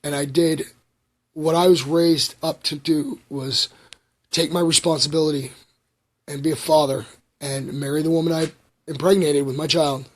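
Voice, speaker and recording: Man, middle-aged, husky, somewhat high voice, confessional, rambling, casual stream talk. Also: level tone, normal speed. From Canada. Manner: rambling, confessional, many fillers, answers chat. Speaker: vlogger. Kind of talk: casual livestream chat.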